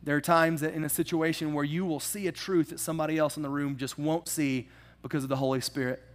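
A man preaching a sermon in a casual, animated storytelling way, with humorous asides. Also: fairly high pitch, fast talker. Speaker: pastor.

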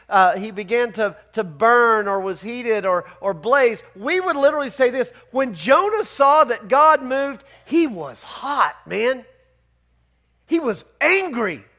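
A man's voice: very high-pitched, pushed and bright. A man preaching a sermon as pastor, conversational and emphatic, full of rhetorical questions to his church.

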